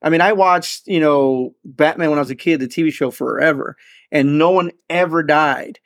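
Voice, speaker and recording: A man's voice: fairly high pitch, moderate pace, no room sound. A man talking in a loose casual chat as a podcast co-host, rambling, repeating words and swearing.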